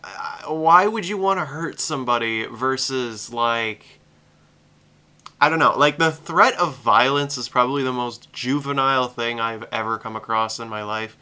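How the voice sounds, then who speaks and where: A man's voice: medium pitch, moderate pace, sharp tone, clean tone. A man streaming a reaction to a music video, chatting casually, laughing often and rambling with restarts.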